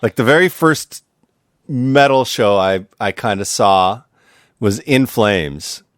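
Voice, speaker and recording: A man's voice: lowish voice, expressive, slow pace, dry recording, clean studio sound. A man co-hosting a podcast, telling stories with enthusiasm and some swearing. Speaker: podcast co-host. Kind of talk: casual chat.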